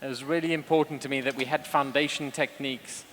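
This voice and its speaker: A man's voice: medium pitch, steady tone, fast, a bit bright, slight background noise. Earnest man speaking in a reverberant hall. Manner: reflective, earnest, loose restarts. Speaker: lead hairstylist. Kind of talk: stage talk on a creative concept. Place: large event hall on stage. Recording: live hall with long reverb.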